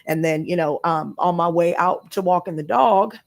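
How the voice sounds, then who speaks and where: A woman's voice: lowish voice, moderate pace, creaky. A woman telling a story to her live-stream audience in casual chat, emphatic and profane as she rants. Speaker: tarot reader live-streaming.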